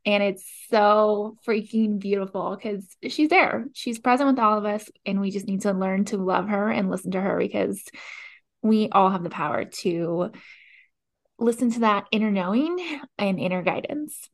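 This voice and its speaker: A woman's voice: mid-range voice, normal speed. Woman hosting a podcast, easygoing chat, lots of mm-hmms. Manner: supportive, frequent agreeing murmurs. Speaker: podcast host. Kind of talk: casual chat.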